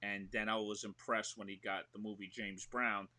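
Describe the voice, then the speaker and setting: New york guy, really bright voice, animated, acts out his stories on a podcast. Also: lowish voice, moderate pace. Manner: animated storyteller, acts out what he describes. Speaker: guest actor. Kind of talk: casual podcast interview.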